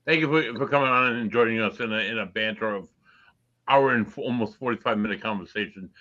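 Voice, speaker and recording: A man's voice: lowish voice, fast, sharp tone, muffled recording. A man hosting a podcast, rambling through a show wrap-up with many ums. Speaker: podcast host.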